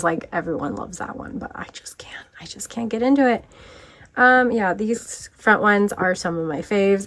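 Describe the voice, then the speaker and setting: A woman manga vlogger in casual, rambling chat, self-deprecating and often trailing off into quieter asides. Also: mid-range voice, vocal fry.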